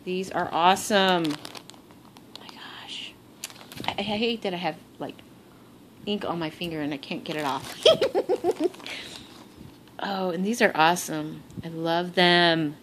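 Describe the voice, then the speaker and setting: A woman in a casual crafting vlog, gushing and excited as she opens gifts, recorded on a phone in her bedroom. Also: fairly low pitch, a little slow, long pauses. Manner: gushing, excitable, gasps and laughs often. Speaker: crafting vlogger. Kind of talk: casual unboxing chat. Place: bedroom at home. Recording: noisy home phone recording.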